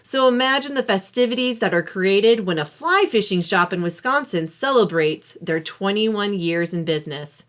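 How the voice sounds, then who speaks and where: A woman's voice: medium pitch, expressive, normal speed, few pauses, fairly bright tone. A woman hosts a podcast in an easy, chatty way and laughs often. She tells little stories and keeps the conversation light and friendly. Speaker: podcast host. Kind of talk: casual podcast interview chat.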